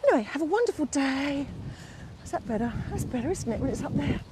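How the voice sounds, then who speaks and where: A woman's voice: sits high, big pitch swings, fast, noisy background. A middle-aged woman, a fitness instructor rambling in a casual vlog outdoors, out of breath while walking up a steep hill with her phone. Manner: chatty, rambling, fond with her dog.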